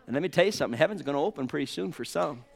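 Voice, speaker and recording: A man preaching a sermon with fervor, swinging between hushed tones and ringing exclamations and calling his listeners brothers and sisters. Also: on the high side, lively intonation, very fast, vocal fry. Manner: addresses the congregation as brothers and sisters.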